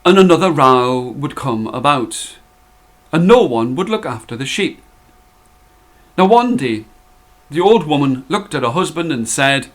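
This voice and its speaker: A man telling a folk tale, with a playful, rhythmic way of repeating phrases and slowing down for effect. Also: mid-range voice, animated. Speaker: storyteller. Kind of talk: told folk tale for children.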